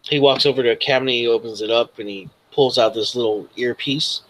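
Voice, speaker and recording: A man's voice: medium pitch, fairly quick, a bit bright. A man running a tabletop game, narrating in a loose, rambling way with fillers. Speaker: game master.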